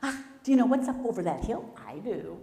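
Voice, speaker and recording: A woman's voice: fairly high pitch, animated, moderate pace, mellow, voice pushed up. A woman voicing an eager, bouncy young male rabbit in a children's story, asking chirpy, eager questions. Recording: echoey hall with long reverb.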